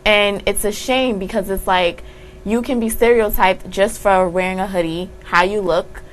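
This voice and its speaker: A woman's voice: medium pitch, fairly even intonation, moderate pace, a little hiss or hum, low-quality recording. A young woman, a college student guest on a talk show, telling her story in a heartfelt, emotional way. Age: young adult.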